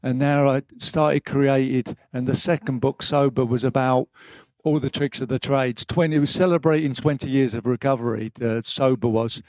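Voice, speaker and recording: A man's voice: medium pitch, steady tone, moderate pace, darkish tone, dry recording. A man, giving a frank, emotional live talk about recovery that halts and restarts as he goes. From England. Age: late 50s. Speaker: guest speaker. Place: live event venue.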